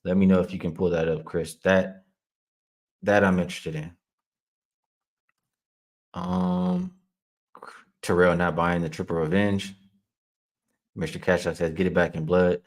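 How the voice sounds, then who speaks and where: Low-voiced man hosting a betting stream. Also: lively intonation, unhurried, creaky, long pauses. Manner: casual, heated when ranting at a chat troll; laughs often while reading comments. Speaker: sports betting show host. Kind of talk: livestream chat with viewers.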